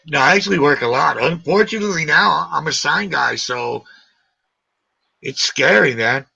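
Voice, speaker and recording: A man in his forties hosting a live stream, chatting in a rambling, animated way and swearing casually. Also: fairly high pitch, moderate pace, vocal fry, breathy edge. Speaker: livestream host. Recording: dull lo-fi stream audio.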